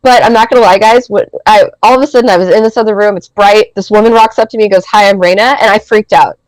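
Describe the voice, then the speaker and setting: Woman in her thirties, podcast guest, chatty and animated storyteller, dry close sound. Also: mid-range voice, fast, no room sound, poor audio. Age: 30s. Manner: animated, rambling, heavy use of filler words. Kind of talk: casual storytelling.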